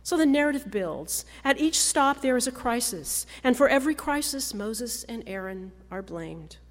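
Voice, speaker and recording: Woman preacher telling the story slow and steady, kinda high voice, big echoey church. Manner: measured storytelling delivery. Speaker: pastor. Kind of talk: sermon. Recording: long reverb of a large church hall.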